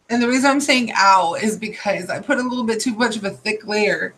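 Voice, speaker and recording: A tired man talks viewers through a nail art tutorial in a loose, chatty way, wandering into asides as he works. His voice sits high for a man. A faint background hum runs beneath him. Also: fairly quick, hardly any pauses, bright, forceful tone, rough recording. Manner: chatty, rambling asides while working. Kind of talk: casual step-by-step tutorial.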